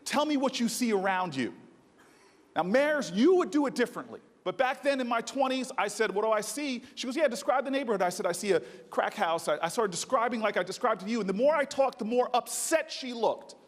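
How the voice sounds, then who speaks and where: A man's voice: very high voice, lively intonation, fairly quick, hardly any pauses. An American man in his forties giving an impassioned political speech at a podium, telling stories in a preacherly way that builds into soaring oratory. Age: 40s. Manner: preacherly storytelling with rising oratory. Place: large conference hall. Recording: long hall reverb.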